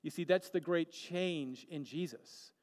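A man preaching a sermon earnestly, moving between emphatic peaks and hushed, quiet lines. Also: a little high, measured pace, in a large hall.

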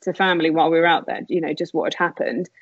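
A woman telling a personal story in conversation, candid and emotional with quick asides. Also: sits low, level tone, no room sound, lo-fi sound. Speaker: guest sharing her story.

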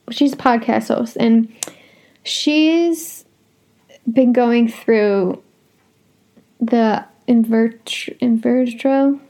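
Swearing a lot, a young woman speaks bluntly and frankly as she vents on her casual solo podcast. Her voice is fairly high and warm.

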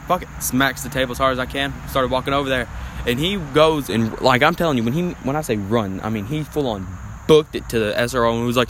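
Young male podcast guest, bright voice, loose rambling delivery full of fillers. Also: medium pitch, a little hiss or hum, rough recording. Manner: rambling storytelling with many fillers. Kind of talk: casual chat.

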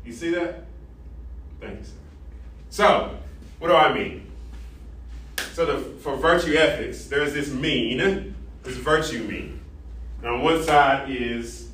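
A man lecturing an ethics class, animated and interactive, quizzing students and tagging sentences with "right?". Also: medium pitch, far from the mic, a little hiss or hum. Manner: animated, asks the class questions, frequent "right?". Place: large echoey classroom. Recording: echoey classroom recorded from afar.

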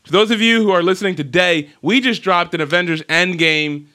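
Bright, animated Jersey-accented man host. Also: high-pitched, a little fast, clean tone. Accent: New Jersey. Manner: animated, laughing, playful banter. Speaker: podcast host. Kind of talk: casual podcast chat.

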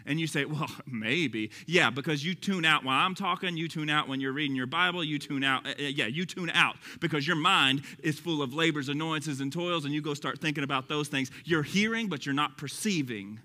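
A Texan man preaching with a high, very bright and forceful voice. He talks to the congregation in a casual, passionate way, pushing his points harder as he goes. The sound rings with a long hall reverb. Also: a little fast, few pauses. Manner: passionate, conversational preaching with rising emphasis. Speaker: pastor. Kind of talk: sermon.

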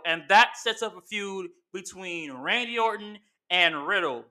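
Bright-voiced man rambling about matches. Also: high voice, unhurried, hardly any pauses. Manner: rambling, with lots of fillers and restarts. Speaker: wrestling commentary host. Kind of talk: casual commentary.

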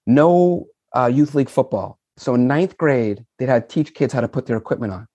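A man's voice: medium pitch, moderate pace, dry recording, highs cut off. A middle-aged man from Boston with a Boston accent, a former principal telling folksy stories as a podcast guest. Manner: animated, folksy storyteller. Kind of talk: podcast interview storytelling.

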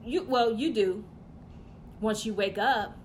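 A woman delivering a profane comedic rant, loud and blunt, swinging between shouting and muttering asides. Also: a little high, slow pace, noisy background.

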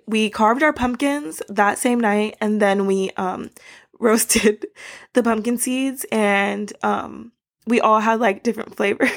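A young woman hosting a casual solo podcast, rambling and laughing between fillers. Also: on the high side. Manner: rambling, giggly, many fillers. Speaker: podcast host.

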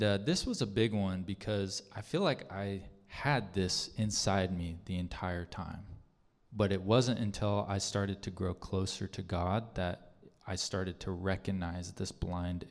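A man's voice: deep voice, a little mellow. A man giving a personal testimony sermon in a church hall, talking in an earnest, conversational way with many fillers and restarts. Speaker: speaker sharing a testimony. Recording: long reverb of a large hall.

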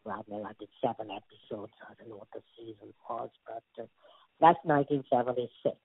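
A man's voice: medium pitch, fairly quick, vocal fry, breathy edge, dry recording. Older Indian-accented man telling stories. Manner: rambling, stammering restarts, animated anecdotes. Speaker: guest actor. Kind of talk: casual interview storytelling. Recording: dry tinny phone-like line.

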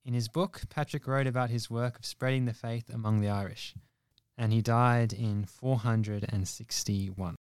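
A young man reads a saint's biography aloud with a smooth, clear voice. His delivery is earnest and steady, with the odd filler. The sound is close and dry. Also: mid-range voice, normal speed, no echo. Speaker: presenter reading a saint's biography.

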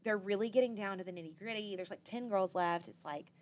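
A woman's voice: mid-range voice, fairly quick, few pauses, a little mellow. A young woman hosting a podcast, casually recapping an episode in a chatty way, full of "like" and acted-out quotes. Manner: chatty, filler-heavy with frequent "like" and quoted reactions. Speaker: podcast host.

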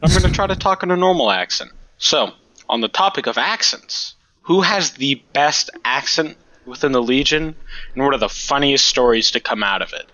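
A man sends a friendly, folksy voice message to a podcast. His voice is bright and tense, with a dry sound. The recording is dull and lo-fi. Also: mid-range voice, expressive, moderate pace, dry recording. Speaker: listener sending a voice message.

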